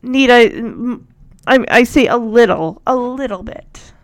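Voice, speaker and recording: A woman's voice: a little high, lively intonation, a little slow. A woman hosting a casual recap chat, talking in a chatty, sarcastic way and laughing often.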